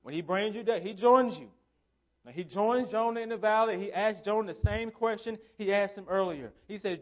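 Man, pastor, church sermon, emphatic, repeats phrases, slightly high voice, muffled lo-fi audio. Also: expressive, moderate pace. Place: church sanctuary.

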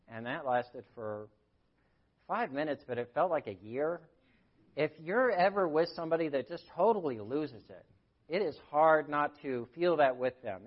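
A man's voice: on the high side, dull audio. A man, a grief counselor, giving an earnest sermon and telling stories with quoted voices. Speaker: grief counselor speaking at church.

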